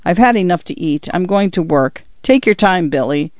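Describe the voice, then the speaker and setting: A man's voice: sits high, expressive, dry recording, muffled recording. A man doing a curt, irritable rancher father. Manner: curt, quick to anger. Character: irritable middle-aged male rancher father.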